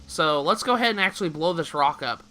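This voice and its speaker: A man's voice: fairly high pitch, lively intonation, quick pace, sharp tone. A man giving a casual, chatty game walkthrough, often laughing while he explains each step. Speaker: let's play host.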